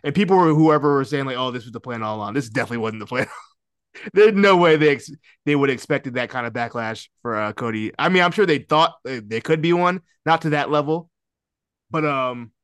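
A man co-hosting a podcast in casual chat, talking excitedly, laughing and swearing. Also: a little high, a little fast, clear, resonant tone, no echo, studio quality. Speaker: podcast co-host.

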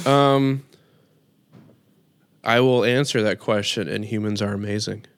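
A man's voice: on the low side, slow, no room sound. A man co-hosting a podcast, chatting casually and rambling with lots of "like" fillers. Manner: rambling, heavy use of "like". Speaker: podcast co-host. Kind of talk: casual chat.

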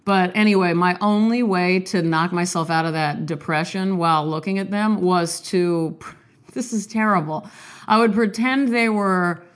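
A young woman with a cold, chatting in a rambling, candid, self-deprecating way before reading a poem aloud. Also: on the low side. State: sick, coughing. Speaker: artist vlogger. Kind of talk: casual confessional chat and poetry reading.

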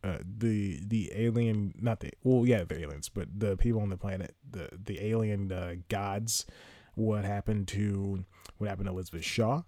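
A man's voice: lowish voice, normal speed, warm tone, no room sound. A man hosting a podcast, chatting casually about a movie he watched, rambling and cutting himself off, chuckling often. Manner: rambling, self-interrupting, chuckling. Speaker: podcast host. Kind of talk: casual movie review chat.

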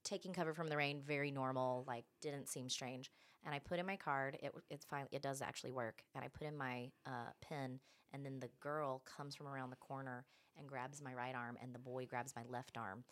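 Podcast guest: young woman, low pitch, lively profane storyteller. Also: normal speed. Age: young adult. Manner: animated, profane, acts out quotes. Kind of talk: casual storytelling chat.

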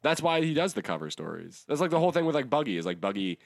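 A man's voice: medium pitch, big pitch swings, fast, gravelly, no room sound, clean studio sound. A young man co-hosting a podcast, chatting casually and rambling, laughing often and swearing. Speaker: podcast co-host. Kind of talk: casual chat about manga.

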